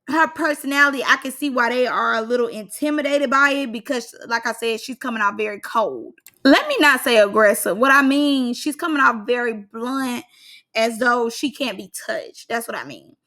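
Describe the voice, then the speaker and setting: Chatty, bright-voiced young woman recapping. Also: on the high side. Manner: chatty, opinionated, filler-heavy. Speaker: reality show recapper. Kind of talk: casual reaction commentary.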